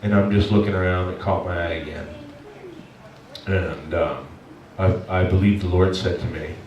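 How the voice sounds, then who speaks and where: A man's voice: sits low, normal speed, recorded from a distance, highs cut off. Man preaching a story in an echoey church. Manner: animated, emotional storytelling with many restarts. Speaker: pastor. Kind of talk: storytelling sermon. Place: church sanctuary. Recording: echoey church room from afar.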